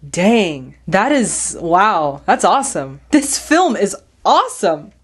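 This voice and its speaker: A young woman hosting a film reaction, talking in a gushing, excitable way full of "like"s. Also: mid-range voice, slow pace, music in the background. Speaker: host reacting to a classic film. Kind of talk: casual reaction commentary.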